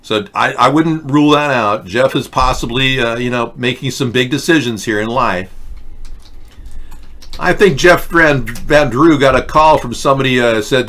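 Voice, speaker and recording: A man's voice: medium pitch, normal speed, sharp tone. A man hosting a satirical political show, delivering sarcastic, mocking, rambling rants. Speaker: host.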